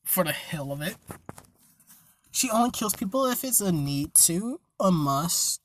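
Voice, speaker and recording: A woman's voice: fairly low pitch, animated, measured pace. A woman telling an improvised fan story in a rambling, profane way with joking asides. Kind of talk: improvised casual story narration.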